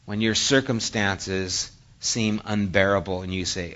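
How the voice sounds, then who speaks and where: Animated bright-voiced male preacher. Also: on the low side, unhurried, few pauses, dull audio. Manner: conversational and animated, swings from hushed to emphatic. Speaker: pastor. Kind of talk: sermon.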